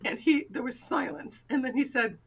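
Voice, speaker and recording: Brief: middle-aged woman coach, high bright voice, animated anecdotes with acted-out voices. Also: fairly quick, gravelly, breathy edge. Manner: animated, acts out quoted voices. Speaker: guest confidence coach. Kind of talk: storytelling in a casual interview.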